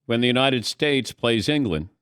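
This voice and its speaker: A man hosting a radio show, teasing his guest with quick jabs. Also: mid-range voice, animated, fairly bright tone, smooth, dry recording, studio quality. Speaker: radio host. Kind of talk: casual radio chat.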